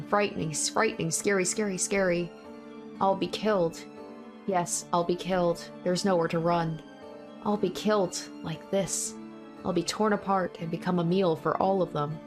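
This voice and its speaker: A woman's voice: lowish voice, fairly even intonation, normal speed, music in the background, close to an everyday voice. A woman reading the first-person narration of a young man, in a grim, repetitive inner monologue from a visual novel. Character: young man narrating his own bloody fight. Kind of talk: visual novel read aloud.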